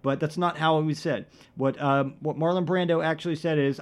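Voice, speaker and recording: A man hosting a comedy podcast, rambling and profane, with deadpan absurd jokes. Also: on the high side, fairly quick. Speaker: podcast host.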